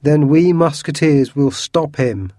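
A big-hearted, boastful musketeer who booms out his brags slowly and loudly, as a man reads him aloud. The voice is dark and mellow, recorded close and dry like an audiobook. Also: dry recording, lightly acted. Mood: boisterous. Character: boastful burly male musketeer, booming.

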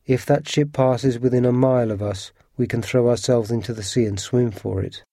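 A man's voice: mid-range voice, fairly even intonation, moderate pace, warm tone, no echo, studio quality, natural voice. A man reading as a restless, scheming harpooner. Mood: urgent. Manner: urgent and plotting. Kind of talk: storybook reading.

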